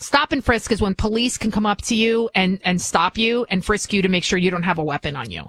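A woman's voice: mid-range voice, expressive, brisk, few pauses, fairly bright tone, rough recording. A woman hosting a political commentary show, delivering an opinionated monologue full of rhetorical questions and restarts.

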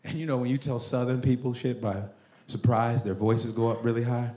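A male stand-up comedian telling a profane, animated routine. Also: mid-range voice, a little fast. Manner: animated, profane, jumping into voices. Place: comedy club stage. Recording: roomy club with loud audience.

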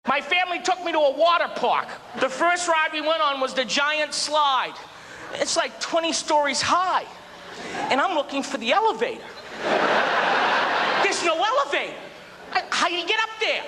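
A man performing a stand-up routine, telling an animated, self-mocking story. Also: extremely high pitch, normal speed. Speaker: stand-up comedian. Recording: live club recording with loud crowd and noise.

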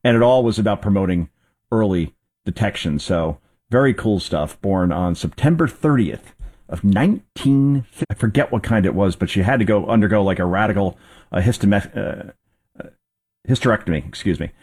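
Male host, low husky voice, casual rambling news commentary. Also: animated, moderate pace, darkish tone. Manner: rambling, conversational, with fillers and restarts.

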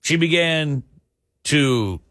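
A male radio host telling a funny news story with animated asides to his listeners. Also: a little high, very slow, no room sound. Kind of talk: comedic radio news banter.

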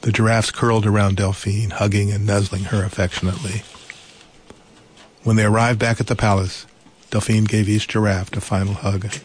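A man reading a children's storybook aloud in a gentle, unhurried way, adding small asides. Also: lowish voice, level tone, slight background noise.

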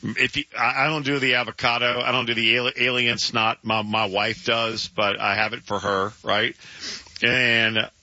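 Male sports radio co-host, bright and forceful, emphatic with stammering restarts, dry and slightly dull studio sound. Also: medium pitch, level tone, moderate pace, no echo. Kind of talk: casual sports radio banter. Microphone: studio microphone.

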